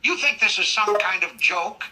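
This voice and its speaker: Synthetic voice as a fussy cartoon detective, middle-aged man, very bright sharp tone, huffy complaints. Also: medium pitch, animated, normal speed, low-quality recording. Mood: offended. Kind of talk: AI character chat role-play.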